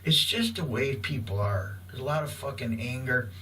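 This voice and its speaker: A man's voice: mid-range voice, lively intonation, normal speed, sharp tone, far from the mic, slight background noise, rough recording. A middle-aged man ranting to camera in a blunt, profane, intense way. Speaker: vlogger.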